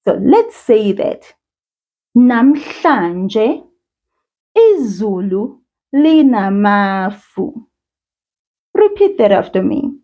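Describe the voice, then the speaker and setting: A South African woman teaching children, with encouraging sing-song praise and slow call-and-repeat drills. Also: medium pitch. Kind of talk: slow, patient kids' lesson with call-and-repeat. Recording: dull lo-fi sound.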